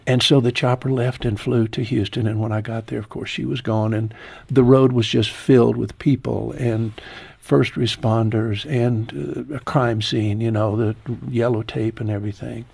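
Husky man in his sixties telling a grief story. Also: fairly even intonation, dry recording. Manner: slow, heartfelt storytelling, voice dropping low and soft at painful moments. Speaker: interview guest. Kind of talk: personal testimony in an interview.

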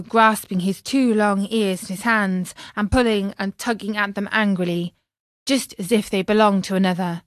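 A woman's voice: medium pitch, steady tone, normal speed, no room sound, clean studio sound. A woman reading a children's storybook aloud expressively, addressing her young readers. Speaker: narrator.

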